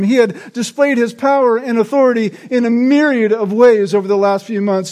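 A man preaching a sermon in an earnest, emphatic way, often checking in with "right?". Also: extremely high pitch. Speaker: pastor.

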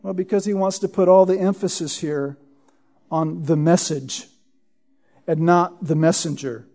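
A man preaching an expository sermon, teaching verse by verse, often pausing to ask "Right?" and repeating words for emphasis. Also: fairly high pitch, fairly even intonation, mellow. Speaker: pastor.

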